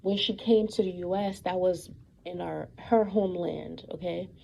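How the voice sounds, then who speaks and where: A woman's voice: fairly low pitch, steady tone, normal speed, vocal fry, mellow, muffled recording, a little hiss or hum. A young woman telling a long story about her mother in a casual monologue, emphatic and repetitive with many fillers and an accusing edge.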